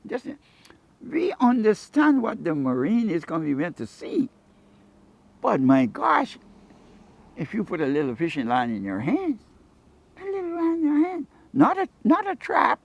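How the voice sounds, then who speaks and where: Gravelly older Caymanian man spinning yarns. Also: fairly high pitch. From Cayman Brac, Cayman Islands. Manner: animated storyteller who acts out quoted dialogue. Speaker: interviewee, local fisherman and jewelry maker. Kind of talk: rambling anecdotal storytelling.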